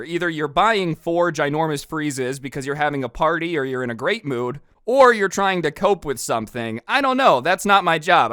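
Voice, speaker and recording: A man's voice: fairly high pitch, fairly bright tone, smooth, dry recording, clean studio sound. A man telling a storytime in a casual, sarcastic, conversational way. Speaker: storytime narrator.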